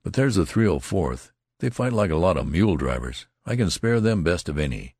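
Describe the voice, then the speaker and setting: A man voicing a brisk male cavalry officer in an audiobook, speaking quickly and offhandedly. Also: low-pitched, big pitch swings, a little mellow, breathy edge, no echo, studio quality, heavily acted. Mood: offhand.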